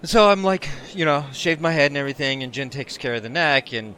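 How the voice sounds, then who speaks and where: Bright-voiced man telling a story. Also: fairly high pitch, a little fast. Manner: animated, laughing storyteller. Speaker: podcast co-host. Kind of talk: casual storytelling chat.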